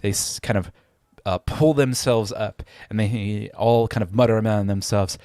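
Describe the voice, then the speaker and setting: A man narrating as game master of a tabletop game, pausing often with fillers and restarting his sentences. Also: on the low side, steady tone, mellow, no echo, studio quality. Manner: hesitant, many fillers and restarts.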